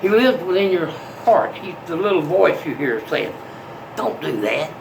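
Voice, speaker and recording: An older man in a rambling monologue that swings from soft to menacing. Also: sits high, big pitch swings, normal speed, creaky, slight background noise, low-quality recording.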